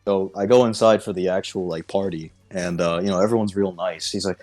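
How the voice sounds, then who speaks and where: A man's voice: sits low, fairly even intonation, a little fast, hardly any pauses, darkish tone. A man co-hosting a podcast, telling a story in casual chat, swearing often and laughing through it. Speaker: podcast co-host.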